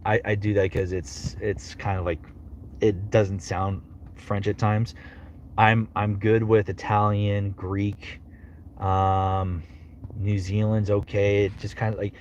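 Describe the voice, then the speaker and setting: A man with a fairly low voice chats casually to his stream viewers, rambling from one thought to the next and often restarting his sentences. He talks from a home streaming setup into a desk mic. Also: level tone, measured pace, slight background noise. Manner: rambling, self-interrupting. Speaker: voice actor and livestream host. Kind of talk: casual livestream chat.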